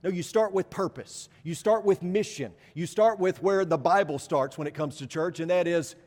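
A man's voice: high voice, moderate pace, hardly any pauses, a little mellow, in a large hall. A male preacher giving an emphatic sermon, repeating his phrases and asking the congregation rhetorical questions.

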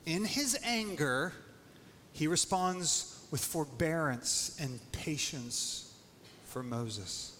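A man's voice: a little high, animated, slow pace, a bit bright. A male pastor preaching a sermon in a casual, conversational way, dropping "like" often. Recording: long hall reverb, faint noise.

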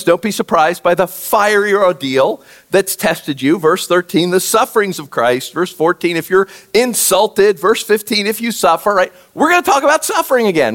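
A man preaching a conversational sermon, reading scripture aloud and talking directly to his congregation in an animated way. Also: high-pitched. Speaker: pastor.

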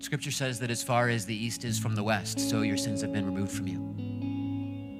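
Low-voiced male pastor over worship music. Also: fairly even intonation, moderate pace. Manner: conversational, laughs often, rising to fervent emphasis. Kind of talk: sermon. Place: church stage with live band. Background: worship music playing.

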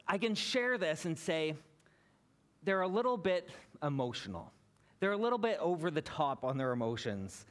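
A Canadian man in his thirties, a pastor giving a sermon in a relaxed, storytelling way. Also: on the high side. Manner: conversational, anecdotal, building to a lesson.

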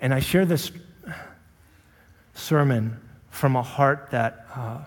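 A man's voice: medium pitch, slow pace, husky. A young adult man preaching a sermon as a pastor, earnest and confessional. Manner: earnest, rises to impassioned shouting when retelling his anger. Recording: long reverb in a large hall.

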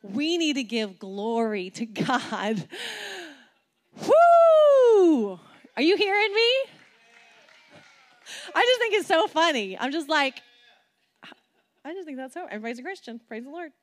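A woman with a fairly high voice preaches a sermon. She is animated and playful, keeps putting questions to the audience, and acts out quotes with sudden leaps in pitch and loudness. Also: moderate pace. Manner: asks the audience many questions.

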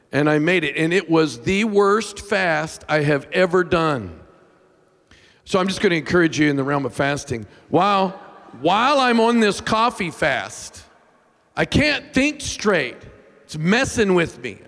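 A man preaching a sermon in a church, telling funny stories about himself in an animated, self-mocking way. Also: high-pitched. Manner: animated, self-mocking, jumps into loud whiny voices. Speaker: pastor. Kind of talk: sermon with humorous storytelling. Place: church sanctuary. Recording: long reverb in a large hall.

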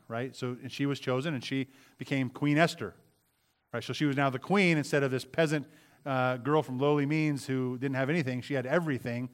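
A man preaching a sermon, talking in a loose, conversational way with frequent restarts, and reading scripture aloud. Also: mid-range voice. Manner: conversational, halting, with many restarts, rising to loud emphasis. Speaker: pastor.

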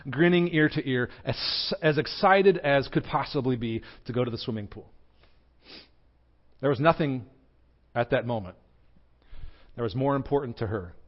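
With dull audio, a young adult man with a Southern American accent preaches as a pastor, earnestly relating a personal story. His voice rises and falls in pitch and loudness as he goes.

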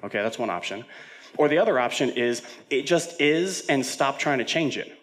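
A man's voice: medium pitch, expressive, moderate pace, fairly bright tone. A male senior pastor preaching a sermon in a conversational way, with frequent fillers and self-corrections.

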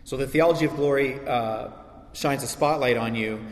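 A male pastor preaching a sermon, animated, acting out quoted voices with sarcasm. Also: medium pitch, normal speed. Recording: echoey hall reverb.

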